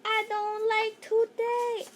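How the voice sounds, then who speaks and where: A woman's voice: very high voice, monotone, slow pace, a little hiss or hum, voice pushed up. A woman reading aloud and voicing a gloomy, worried young boy who whines. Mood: whiny.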